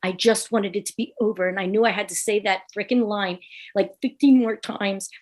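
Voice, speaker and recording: A woman comedian guest telling a lively anecdote in a podcast interview, acting out the people she quotes. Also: medium pitch, moderate pace. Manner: animated, acts out quoted voices.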